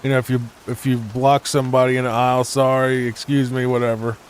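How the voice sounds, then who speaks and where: Man, soft rambling sleepy gameplay talk, halting, faint rain behind, mid-pitched voice. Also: level tone, a little hiss or hum. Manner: soft-spoken, rambling, full of hesitations. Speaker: gaming channel host.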